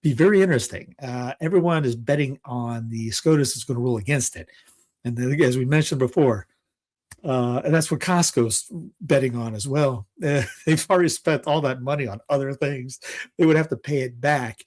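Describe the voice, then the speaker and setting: A man from Toronto hosting a casual political commentary show, rambling and excitable, often restarting and laughing. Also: mid-range voice, fairly quick. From Toronto, Canada. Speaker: podcast host.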